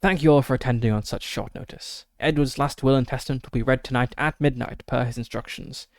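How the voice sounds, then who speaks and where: A man's voice: medium pitch, steady tone, a little fast, no room sound, clean studio sound, natural voice. A man voicing an aging male solicitor who speaks in a formal, courteous and businesslike way.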